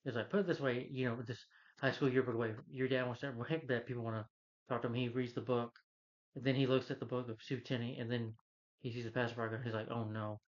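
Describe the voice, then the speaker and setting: A man's voice: medium pitch, level tone, quick pace. Rambling man recapping a film. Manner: rambling, loose retelling full of "you know" and "he's like". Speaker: film reviewer. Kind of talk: casual spoken movie recap. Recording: slightly dull lo-fi recording.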